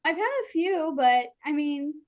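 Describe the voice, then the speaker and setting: Upbeat woman podcast co-host, higher voice. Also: animated, a little slow, lo-fi sound. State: pregnant, in early labor. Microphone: video call.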